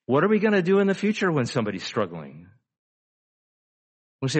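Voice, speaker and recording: An older man giving a conversational sermon as a pastor, asking rhetorical questions and slowing down for emphasis. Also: on the high side, wildly swooping pitch, slightly rough.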